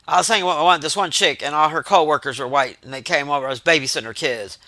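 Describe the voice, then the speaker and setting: A man with a high, bright, forceful voice tells stories to his chat in a loose, profane rant. He sounds exasperated and animated, full of fillers and asides. The sound is close and dry, with no room around it. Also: fast talker, no echo. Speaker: streamer telling stories to chat. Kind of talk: casual storytelling rant.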